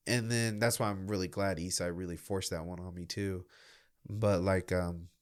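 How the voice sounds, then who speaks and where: A young man and stand-up comic, telling stories in a rambling, animated way and swearing often in casual podcast chat. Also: low voice, normal speed, smooth.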